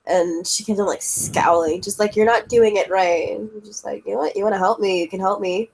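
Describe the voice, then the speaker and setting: A woman's voice: mid-range voice, fairly even intonation, brisk, vocal fry, a little mellow, a little hiss or hum, natural voice, poor audio. A blunt, foul-mouthed young woman, played by a woman in a tabletop role-play. She talks loosely, in a mid-range voice, cursing without a second thought. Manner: casual, swears freely.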